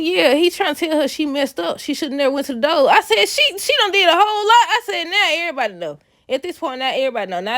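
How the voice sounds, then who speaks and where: A woman recapping a soap opera episode in a casual vlog, animated and laughing often. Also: medium pitch, no echo, studio quality. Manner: animated, laughs often, addresses viewers as y'all.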